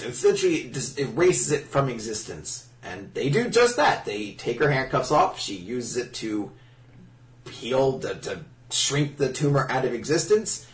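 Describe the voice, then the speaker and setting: A medium-pitched man, speaking a little slowly and far from the mic, co-hosts a laid-back podcast recapping manga chapters. The sound is roomy and off-mic, and his delivery is animated and rambling, full of laughter, swearing, and mock-voiced line readings.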